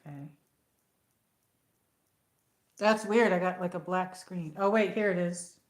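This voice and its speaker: A woman's voice: lowish voice, moderate pace. A woman hosting a casual livestream from home, telling a story with lots of fillers and restarts. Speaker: livestream host. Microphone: tablet. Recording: echoey room.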